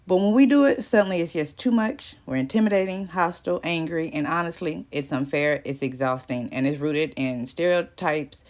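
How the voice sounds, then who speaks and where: Woman, channel host, lowish voice, earnest, emphatic commentary. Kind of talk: direct-to-camera commentary.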